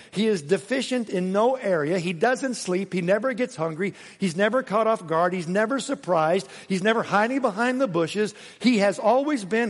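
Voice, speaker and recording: A man delivers a sermon in a fairly high voice, earnest and often emphatic as he repeats key words. His voice rings out with a long reverb, as in a big hall. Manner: earnest, rising to emphatic repetition. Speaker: pastor.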